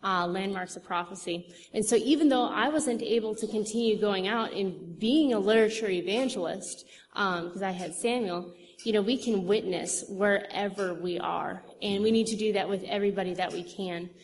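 Addressing a church audience at a moderate pace, a young woman with a mid-range voice gives a testimony about her witnessing. She chats and rambles, using many fillers and restarts; the recording carries faint noise and long hall reverb.

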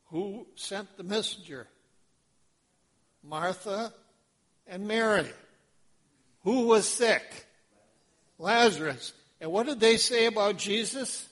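Slow, high-voiced preaching man. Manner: animated storytelling, acts out voices, quizzes the congregation. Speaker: pastor. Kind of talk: sermon.

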